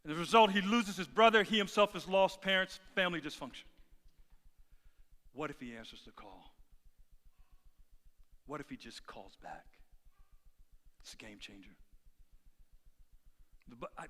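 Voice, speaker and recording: High, bright-voiced preacher in an echoing hall. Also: male voice. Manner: swings from quiet intimate lines to loud shouted preaching. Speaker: pastor. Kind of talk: sermon. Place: church sanctuary. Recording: music under a voice in a large reverberant hall.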